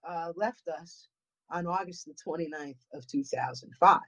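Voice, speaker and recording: A woman's voice: fairly low pitch, normal speed, a bit bright. Rambling woman with a New England accent. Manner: rambling, repeats words and restarts often. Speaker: guest paranormal investigator. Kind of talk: casual chat. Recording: dull lo-fi audio.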